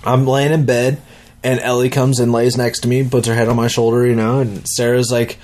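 With a mid-range voice at normal speed, a young dad recounts a vivid dream in a casual storytelling way. His lively retelling rambles, includes swearing and has several restarts.

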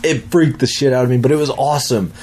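This is a fast-talking young man with a mid-range voice, a dad casually describing a vivid dream. His telling rambles, includes swearing, and keeps starting over with lively energy.

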